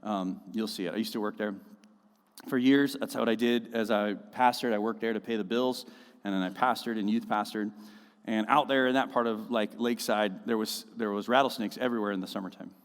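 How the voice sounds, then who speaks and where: Conversational pastor in a hall. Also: male voice, fairly low pitch, fairly quick. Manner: conversational, animated storytelling. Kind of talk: sermon. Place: church auditorium. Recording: echoey church hall.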